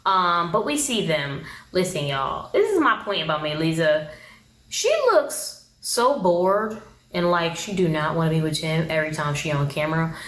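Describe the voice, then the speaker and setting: A woman's voice: sits low, animated, moderate pace, a bit bright. A woman giving a blunt, slangy casual recap of a TV episode, acting out the people she quotes. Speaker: TV show reviewer. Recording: roomy echo.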